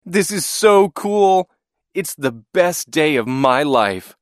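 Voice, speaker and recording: A man voicing an eager young boy who loves airplanes, shouting with wide-eyed excitement. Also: medium pitch, normal speed, no echo, clean studio sound, pitched above the performer's own voice, lightly acted. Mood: thrilled.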